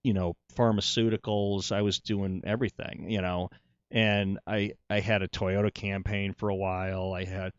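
A man's voice: deep voice, level tone, normal speed, clean tone, no echo, lo-fi sound. A middle-aged male actor telling his story in a casual interview, rambling, with many restarts and "you know"s.

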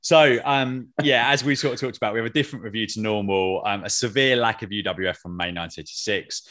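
Male host, lowish voice, deadpan wit, casual review over a call. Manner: dry, sarcastic humor. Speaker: podcast host. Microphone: online call.

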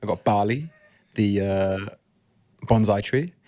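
A man's voice: fairly low pitch, slow pace, warm tone. A man hosting a casual podcast, chatty and self-mocking as he tells anecdotes. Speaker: podcast host.

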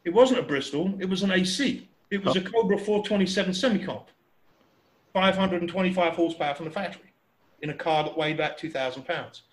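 An older man in his sixties spins a long, chatty anecdote, acting out the noises and voices as he goes. His voice sits notably high for a man. The recording has a roomy echo around it. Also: fairly quick. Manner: animated, chatty, acts out voices and sounds. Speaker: storyteller. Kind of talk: casual anecdote telling.

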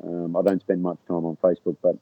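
A man appearing as a podcast guest, talking casually and haltingly, often repeating words. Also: sits low, little pitch movement, husky, dry recording. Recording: dry, tinny phone-like line.

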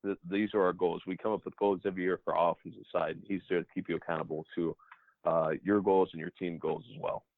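Male ballplayer, deep voice, animated anecdotes, interview over a thin phone-quality line. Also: fast, no room sound. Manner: animated anecdotes, acts out dialogue. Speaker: professional baseball player. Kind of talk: casual storytelling interview.

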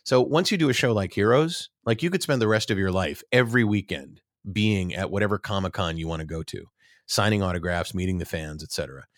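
A man's voice: low voice, expressive, a little fast, no room sound, clean studio sound. A middle-aged man, an actor, telling rambling, self-deprecating stories in a casual interview, with many restarts.

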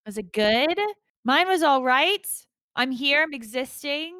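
This is an upbeat woman hosting a podcast, her pitch sitting a little high and swinging widely as she talks. She leads a playful, casual chat, and her voice comes across close and dry. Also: lively intonation, unhurried, bright, forceful tone, no echo. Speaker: podcast host.

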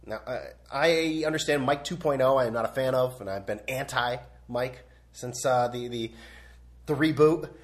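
A man's voice: mid-range voice, normal speed. A young man hosting a sports podcast, rambling and sarcastic in a casual opinion rant, blunt and full of restarts.

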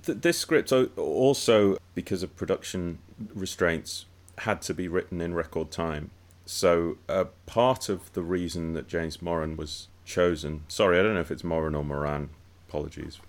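A man with a very deep, low voice talks through a podcast discussion in a relaxed, unscripted way. He often restarts his sentences and repeats words while he gathers his thoughts. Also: moderate pace, hardly any pauses. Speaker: podcast co-host.

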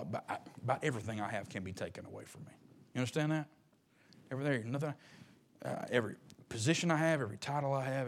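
A man preaching a sermon with passion, rising to loud peaks and dropping to hushed murmurs. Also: medium pitch. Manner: impassioned, swinging from loud rises to hushed murmurs.

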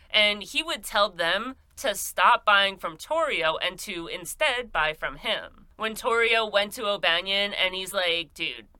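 A woman's voice: mid-range voice, pushed and bright, clear, resonant tone, no room sound. A woman telling a crime story in a chatty, sarcastic, profane way, as a podcast host. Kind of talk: casual true-crime storytelling.

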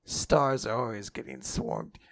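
A man voicing a vain, grandiose hero, speaking slowly and pompously. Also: on the low side, huge pitch swings, creaky, a bit bright, dry recording, studio quality, voice pushed down, exaggerated voice. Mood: smug.

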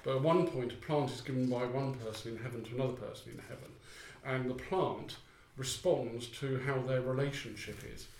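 A man co-hosting a local podcast, wandering from point to point with dry jokes. His voice is of middling pitch, and the room around him adds noticeable echo. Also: fairly even intonation, normal speed, few pauses, darkish tone, a little hiss or hum. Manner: chatty, digressive, dry humour. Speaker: podcast co-host. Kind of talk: casual chat. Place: office or shared workspace. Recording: roomy echoey room.

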